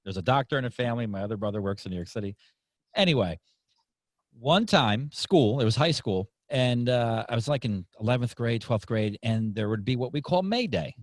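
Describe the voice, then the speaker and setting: A man hosting a podcast interview, telling a story in a casual, animated way and acting out the people in it. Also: medium pitch, a little fast, no room sound. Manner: animated, acts out voices in anecdotes. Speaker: podcast host.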